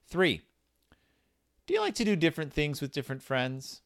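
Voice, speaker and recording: Male comic podcast host, past thirty, lively swooping delivery, rambling and self-deprecating. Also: on the high side, moderate pace. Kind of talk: comic monologue answering questions from a children's book.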